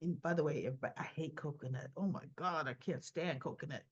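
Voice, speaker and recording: A woman's voice: low voice, fast, breathy edge, highs cut off. A woman casually recapping a soap opera episode, acting out the characters' lines with chatty asides to her viewers. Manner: chatty, retells scenes by voicing the characters' lines.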